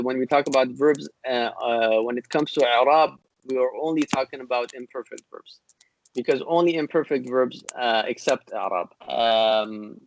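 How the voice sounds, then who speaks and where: A man's voice: mid-range voice, slight background noise, rough recording. A man teaching an online grammar class, patient and repetitive, with many fillers and restarts.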